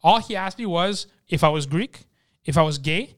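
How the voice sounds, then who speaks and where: A young man hosting a casual chat, telling profane, animated stories about restaurant work. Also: fairly high pitch, normal speed. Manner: profane, animated storyteller, acts out shouted quotes. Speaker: podcast host.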